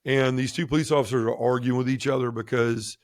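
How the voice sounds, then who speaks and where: A man's voice: mid-range voice, steady tone, fast, dry recording, studio quality. A man telling his personal faith testimony as a guest, vividly acting out what people said. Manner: vivid storyteller, acts out quoted speech.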